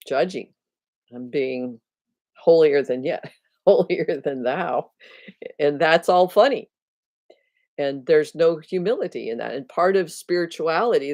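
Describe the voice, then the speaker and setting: A woman's voice: low voice, darkish tone, no echo. A woman hosting her own videos on spirituality, talking casually and reflectively to her viewers, thinking aloud with restarts and often laughing at herself. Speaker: spiritual teacher and video host.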